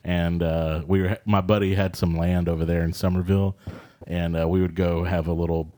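Man in his 30s, very low voice, easygoing podcast co-host, rambling chat. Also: flat delivery, moderate pace, mellow. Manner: laid-back, rambling, laughs often. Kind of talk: casual chat.

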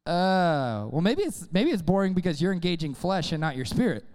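A man preaching a sermon to young people, energetic and casual, often calling on the crowd to respond. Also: sits high, fast talker, in a large hall. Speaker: youth pastor.

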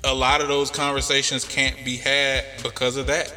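A man's voice: medium pitch, level tone, normal speed, pushed and bright, long reverb tail, soft background music. A man hosting a podcast, telling a story in a casual, rambling way with plenty of fillers. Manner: laid-back, rambling with many fillers. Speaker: podcast host.

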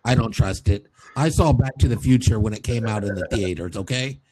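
A man's voice: lowish voice, a little fast, a crowd in the background, rough recording. A middle-aged man on a casual podcast, making dry, skeptical remarks. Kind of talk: casual chat.

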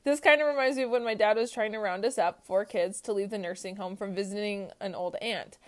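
Young woman podcaster reading funny stories, giggly, says like a lot, mid pitch. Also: a little fast. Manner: giggly, many "like" fillers. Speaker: podcast host.

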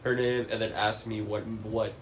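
A man's voice: lowish voice, level tone, moderate pace. A young man hosting a casual chat, stammering and joking as he talks. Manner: stammering, joking, laughs often. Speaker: podcast host. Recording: faint background noise.

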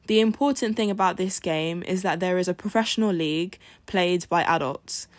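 A woman hosting a podcast, narrating a folk tale in a clear, measured storytelling manner. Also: on the low side, dry recording. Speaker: podcast host.

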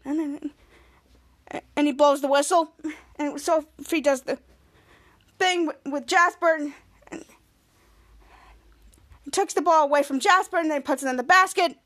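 A woman's voice: high-pitched, normal speed, long pauses, a bit bright. A woman hosting a podcast, retelling a TV episode in a rambling way with many restarts and acted-out lines. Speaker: podcast host. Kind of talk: casual episode recap.

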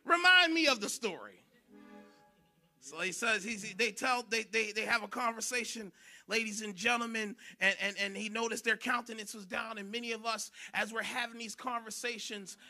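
A man preaching a sermon in church, animated and shouting for emphasis. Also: sits high, normal speed, faint music behind. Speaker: pastor.

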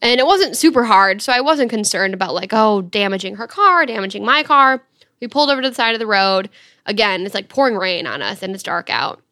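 A woman's voice: mid-range voice, lively intonation, bright, forceful tone. A young woman telling a story in a casual, chatty way, with lots of "like". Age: young adult. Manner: chatty, fast, full of "like". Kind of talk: casual chat.

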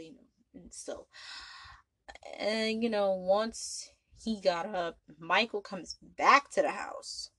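A woman's voice: fairly low pitch, fairly bright tone, no echo, low-quality recording. A woman hosting a podcast, recapping a vampire film in a rambling, profane, casual way. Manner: rambling, profane, full of "you know" and "like". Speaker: podcast host.

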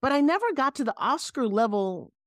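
A middle-aged woman with a New York accent, a guest telling animated stories on a video call. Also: fairly high pitch, a little fast, dry recording, clean studio sound. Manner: animated, emphatic storyteller. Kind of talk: casual interview storytelling.

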